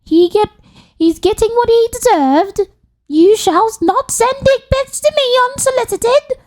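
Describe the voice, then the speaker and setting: A woman putting on a haughty, pompous voice in a put-on accent, proclaiming justice in a high register. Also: measured pace. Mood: triumphant. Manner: pompous, declaiming.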